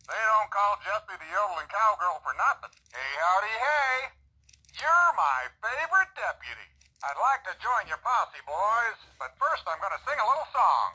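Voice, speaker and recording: Woody, a cheerful cowboy toy. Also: male voice, sits high, big pitch swings, moderate pace, bright, forceful tone, husky, heavily acted, low-quality recording. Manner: folksy, hearty cowboy drawl. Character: cheerful cartoon cowboy toy, male, adult. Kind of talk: toy voice box recordings.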